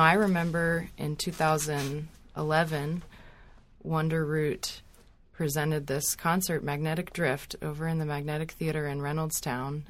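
Low-voiced woman choreographer. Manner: measured, with frequent fillers. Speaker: choreographer guest. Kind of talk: panel discussion.

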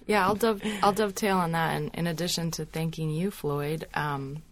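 A woman choreographer talking on a panel, measured, with frequent fillers. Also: low-pitched, fairly even intonation, no room sound. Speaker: choreographer guest. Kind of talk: panel discussion.

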